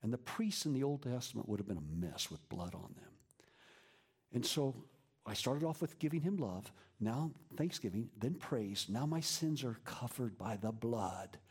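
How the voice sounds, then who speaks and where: A man preaching a sermon as a pastor, moving between lively emphasis and hushed whispers. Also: mid-range voice, moderate pace, slightly rough. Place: church.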